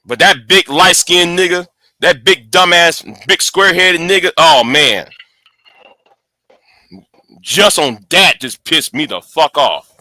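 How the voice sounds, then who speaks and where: A man's voice: fairly high pitch, animated, slow, long pauses, bright, forceful tone, dry recording. A man hosting his channel in a casual, profane, angry rant, stumbling and repeating words. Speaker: channel host.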